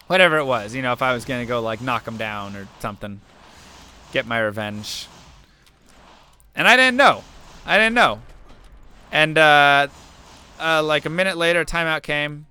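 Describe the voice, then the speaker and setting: Bright, clear-voiced young male streamer. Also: medium pitch, normal speed. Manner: earnest storytelling, musing aloud between game remarks. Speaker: game streamer. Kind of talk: casual chat while playing.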